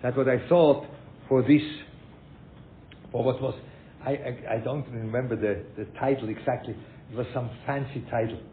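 An older man teaching a class as a rabbi, animated, repeating words and mixing in Yiddish and Hebrew terms. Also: normal speed. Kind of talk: lecture with questions from students. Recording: phone-like echoey room with faint rumble.

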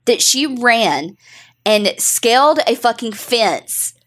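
Middle-aged woman podcast co-host, lively pitch, profane, quick to laugh. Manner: swears freely, laughs often. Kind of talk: casual chat.

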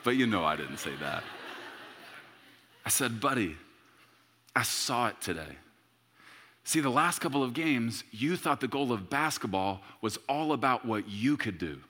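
A man in his thirties preaching a sermon as a pastor, telling a story with humor and bursts of shouting. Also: mid-range voice, in a large hall.

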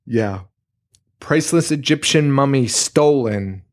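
A man's voice: medium pitch, lively intonation, slow, a little mellow. Male podcast co-host, mid-range voice, loose and jokey recap delivery with frequent laughter. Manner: joking, swearing, laughs often. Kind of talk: casual chat recapping a horror episode.

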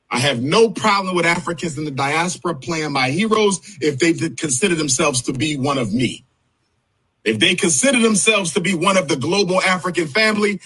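An American man in a played clip, speaking slowly, deliberately and emphatically. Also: a little high, a bit bright, husky, poor audio. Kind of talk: measured lecture-like speech.

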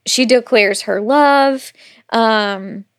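Chatty woman recapping a book. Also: a little high. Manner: retells scenes with quick quoted asides, swearing, laughing. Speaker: podcast co-host. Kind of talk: casual book recap chat.

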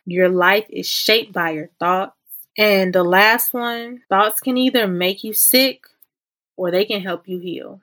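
A woman hosts a faith-based self-help podcast in a relaxed, conversational voice. She is encouraging and likes to repeat her main points so listeners can follow along. Her pitch sits in an ordinary middle range. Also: slow pace. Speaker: podcast host.

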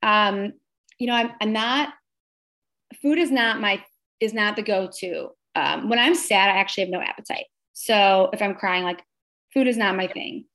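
In a casual podcast chat, a female guest talks at normal speed in a mid-range, somewhat bright voice, peppering her sentences with "like" as she chats away.

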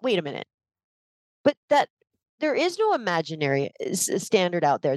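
A woman with a fairly low voice, talking on a video call as a podcast guest. She explains ideas with energetic emphasis and a teacherly drive. The sound is dry and close. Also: dry recording. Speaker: leadership coach guest.

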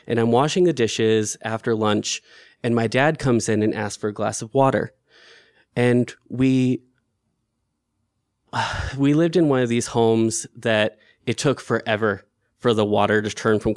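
A man's voice: mid-range voice, dry recording, clean studio sound. A man telling a personal story in a candid, conversational way, with filler words and restarts.

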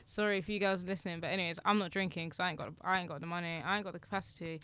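A woman's voice: on the low side, fairly even intonation, rapid-fire, sharp tone, clear, resonant tone. A young woman co-hosting a podcast, chatting casually and swearing freely as she tells stories. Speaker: podcast co-host. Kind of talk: casual chat.

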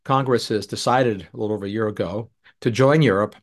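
A man hosting his own podcast, delivering a measured, deliberate policy commentary monologue with occasional restarts. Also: fairly low pitch. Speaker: podcast host.

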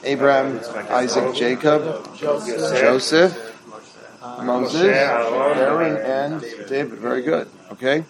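A man's voice: mid-range voice, slow pace, over a noisy crowd, low-quality recording. A middle-aged man, a rabbi, teaching a holiday workshop in a conversational storytelling way and now and then quizzing his listeners.

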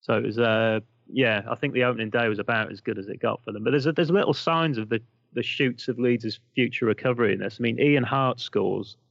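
Gravelly man with dry humor. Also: medium pitch, a little fast, fairly bright tone, no echo, muffled recording. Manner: dry, wry humor with small laughs. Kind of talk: casual football chat.

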